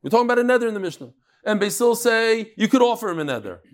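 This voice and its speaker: This is a man leading an animated Talmud lesson. His voice sits a little on the high side. He keeps weaving in Hebrew terms and repeating words for emphasis. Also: very fast. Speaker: Talmud teacher. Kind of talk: animated Talmud class with storytelling.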